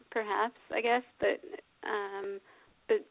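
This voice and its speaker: A woman's voice: mid-range voice, flat delivery, extremely slow, vocal fry. Giggly young woman on a tinny phone line. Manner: giggly, chatty, hesitant with many ums. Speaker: radio show host. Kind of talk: casual call-in interview.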